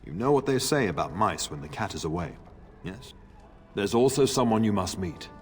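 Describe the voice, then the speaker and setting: A man's voice: lowish voice, sing-song, moderate pace. An actor playing a jovial noble lord and father in a fantasy game, hearty and teasing. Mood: genial. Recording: game audio with reverb.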